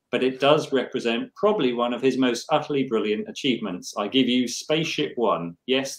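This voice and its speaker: An eager man chatting on a livestream, cheerfully owning his nerdiness and restarting his sentences as he goes. His voice sits at an ordinary middle pitch and comes through a video call with plenty of room echo around it. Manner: enthusiastic and self-mockingly nerdy, hesitant restarts. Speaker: livestream co-host. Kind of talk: casual chat. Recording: echoey room.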